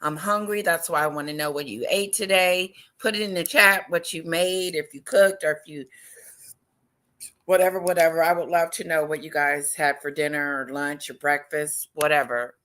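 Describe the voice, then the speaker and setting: A woman hosting a casual livestream chat, talking loudly and excitedly and greeting viewers by name. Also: low voice, normal speed. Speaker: livestream host.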